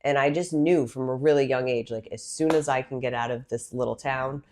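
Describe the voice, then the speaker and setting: A woman, a personal trainer talking as a podcast guest, lively and animated as she tells her story. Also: rumbling low, fairly quick, a little hiss or hum. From Massachusetts, US. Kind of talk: casual interview talk.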